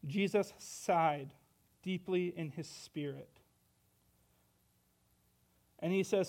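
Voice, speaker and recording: A man's voice: on the high side, a little mellow. A young man preaching a sermon, earnest, asking rhetorical questions and reading scripture aloud.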